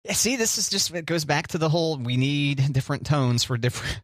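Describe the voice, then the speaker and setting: A man's voice: a little high, expressive, brisk, no echo, clean studio sound. A man co-hosting a casual chat show, a jokey rambling storyteller who hums little sound effects. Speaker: podcast co-host.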